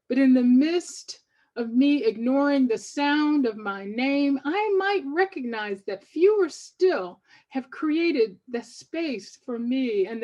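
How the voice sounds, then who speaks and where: Older woman author sharing her writing with listeners; a measured, devout, reflective read, slightly high-pitched, recorded on muffled audio. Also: warm tone. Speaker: poet and author. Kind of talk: reading from her book to an audience.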